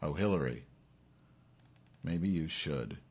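A man's voice: very deep voice, animated, slow pace, a little mellow, breathy edge. A man hosting his own live-stream show, in an angry, profane rant aimed straight at his audience.

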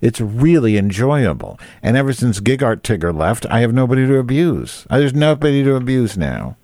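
A man's voice: mid-range voice, big pitch swings, normal speed, darkish tone, dry recording, clean studio sound. A man hosting a live online talk show alone at his mic, rambling, teasing and crude. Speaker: host. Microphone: desk microphone.

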